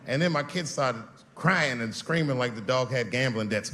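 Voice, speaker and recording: A male stand-up comedian telling animated stories, sometimes raising his voice. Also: mid-range voice, moderate pace, few pauses. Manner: animated storytelling with bursts of shouting. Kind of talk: stand-up routine. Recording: noisy live stage recording.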